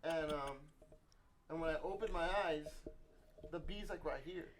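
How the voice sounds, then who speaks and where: A young man co-hosting a casual chat, telling a story in a rambling, animated way with lots of fillers and swearing. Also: a little high, normal speed, background noise. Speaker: podcast co-host.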